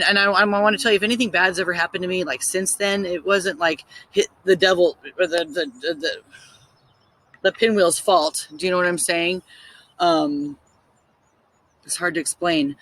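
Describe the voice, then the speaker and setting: A woman casually telling a story, excitable and full of "like" fillers, acting out her own thoughts in quotes. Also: lowish voice, a little hiss or hum, poor audio. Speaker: spiritual storyteller.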